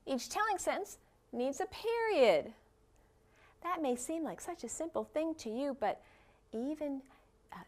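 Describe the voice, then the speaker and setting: A woman teacher leading a video lesson for young children, speaking in a slightly high voice. Her pitch moves a lot as she explains, and she encourages the pupils warmly.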